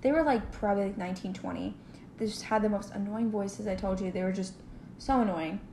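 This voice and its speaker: A woman's voice: mid-range voice, a little fast, warm tone. A young woman in casual chat, talking bluntly with lots of fillers. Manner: chatty, filler-heavy, blunt verdicts. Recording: echoey room with faint background noise.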